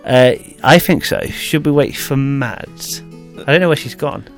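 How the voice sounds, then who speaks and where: A man's voice: mid-range voice, a little slow. Easygoing guy on the radio, kinda hesitant, some music faint behind. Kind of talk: casual radio chat. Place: radio studio.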